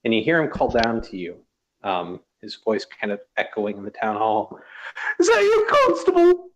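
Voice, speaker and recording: A man narrating a tabletop game as dungeon master, relaxed and descriptive with lots of fillers. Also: fairly low pitch, normal speed, poor audio.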